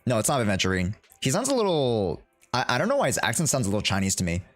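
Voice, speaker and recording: A man's voice: mid-range voice, huge pitch swings, rapid-fire, soft background music. A young man streaming a live game reaction, talking casually in hyped slang and laughing often.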